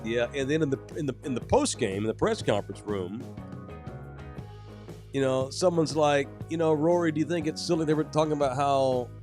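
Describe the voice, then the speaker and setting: A man's voice: medium pitch, lively intonation, normal speed, darkish tone, faint music behind. A man co-hosting a sports podcast, ranting casually with lots of profanity. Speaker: podcast co-host.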